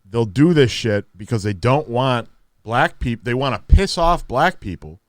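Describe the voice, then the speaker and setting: A man hosts a casual podcast, his pitch leaping up and down as he talks. He stumbles and repeats words, and the sound is dry and close. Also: animated, no room sound. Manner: halting, repeats words, laughs often. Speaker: podcast host.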